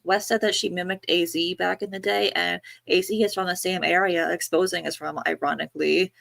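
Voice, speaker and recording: A woman's voice: lowish voice, steady tone, a little fast, gravelly, a bit bright, dry recording, studio quality. A woman from New York co-hosting a livestream, chatting casually and gossiping with lots of fillers. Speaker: livestream co-host.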